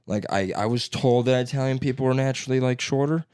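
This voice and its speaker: A man's voice: mid-range voice, fast talker, a little mellow, clear, resonant tone, no room sound, studio quality. A man with a Chicago accent telling rambling, profane stories in casual chat, laughing often.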